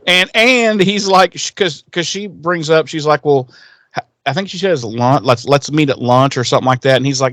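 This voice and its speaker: A man's voice: on the high side, moderate pace, a bit bright, no echo. A man co-hosting a podcast, casually recapping an episode and acting out the characters' lines in a raised, swearing voice. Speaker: podcast co-host.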